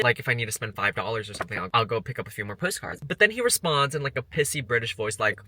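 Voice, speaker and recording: A young man vlogging, telling stories in a chatty, animated way and swearing freely. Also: mid-range voice, fast, few pauses. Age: young adult. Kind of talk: casual vlog storytelling.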